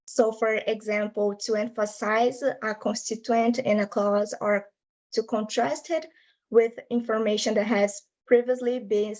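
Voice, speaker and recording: A woman's voice: on the high side, level tone, unhurried, a little mellow, poor audio. A young adult woman presenting her linguistics research in an academic talk over a video call, explaining patiently in non-native English phrasing.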